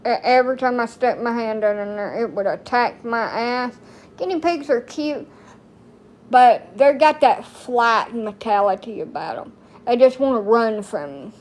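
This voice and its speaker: A woman's voice: on the high side, a little slow, a little mellow, a little hiss or hum. A woman in her thirties from the United States, chatting casually to her viewers in a blunt, rambling way full of folksy slang. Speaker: TikTok streamer. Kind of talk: casual chat to camera.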